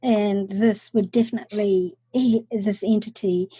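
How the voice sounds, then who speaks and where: Woman host, husky and mellow, calm and matter-of-fact. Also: mid-range voice, unhurried, dry recording. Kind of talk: interview chat.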